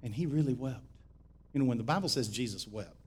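A pastor with a medium-pitched, brisk, husky voice preaches a sermon, swinging between shouted exhortation and quiet, close teaching.

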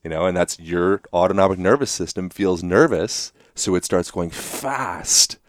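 A man talking as a guest in a relaxed conversational way, full of "you know" fillers and quick acted-out examples. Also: sits low. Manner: animated, acts out quick voiced examples.

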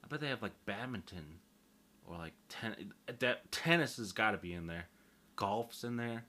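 A man's voice: fairly low pitch, animated, moderate pace, pushed and bright. A man, rambling through a casual solo monologue, crude and joking, swearing freely and poking fun at himself.

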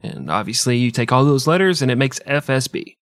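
A man's voice: medium pitch, lively intonation, a little fast, a bit bright, no echo. Guy on a podcast riffing on history, sarcastic, swears a lot, dry close sound. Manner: sarcastic, profane, laughs often. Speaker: podcast host. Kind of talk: casual comedic history chat.

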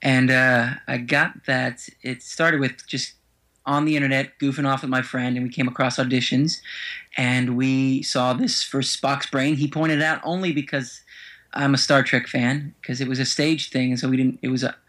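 Male actor guest, casual and talkative, quick to laugh. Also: mid-range voice, level tone, fairly bright tone. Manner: chatty storyteller who laughs easily. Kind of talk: casual podcast interview.

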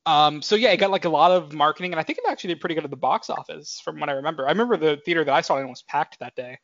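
A young man in his twenties chatting casually as a podcast co-host, his voice sitting a bit high for a man. He rambles, restarts and pads with fillers. The audio is dry and a little dull, with no room sound. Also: racing, fairly bright tone, dry recording. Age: 20s. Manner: rambling, filler-heavy, self-correcting. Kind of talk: casual chat.

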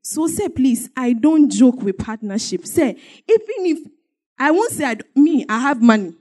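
A woman's voice: high-pitched, animated, normal speed, warm tone. A woman giving an emotional church testimony, telling her story emphatically with repetition and bursts of laughter.

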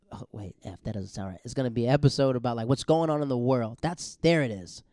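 A man hosting a solo podcast, talking in a rambling, self-correcting way with sudden bursts of excitement. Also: mid-range voice, fast, dry recording, studio quality. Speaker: podcast host.

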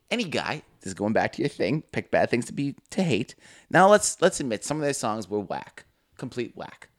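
A man's voice: fairly high pitch, no echo. A young man co-hosting a podcast, bantering in an emphatic way and swearing casually. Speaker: podcast co-host. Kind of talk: casual chat.

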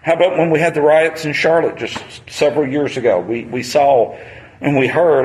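A man's voice: on the high side, moderate pace, a little mellow, poor audio. A man, preaching a sermon on a Bible passage in a conversational storytelling manner.

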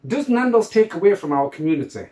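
A man's voice: high voice, very animated, fast talker, a little mellow. A man co-hosting a podcast in casual chat, teasing and laughing often. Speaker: podcast co-host. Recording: roomy echo.

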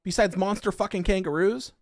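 A man from Western Pennsylvania hosting a podcast, chatting casually with his viewers in loud, profane, excitable rants. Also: high-pitched, brisk, no room sound, studio quality. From Western Pennsylvania, USA. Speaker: podcast host. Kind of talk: casual chat with live chat.

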